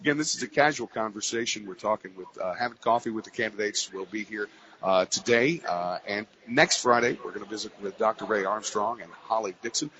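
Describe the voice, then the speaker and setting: A man's voice: lowish voice, a little fast, bright, forceful tone. A man with a Louisiana accent hosting a live radio talk show in a chatty, jovial way, with fillers. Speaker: radio host. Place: cigar shop, live remote broadcast. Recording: dull lo-fi radio broadcast.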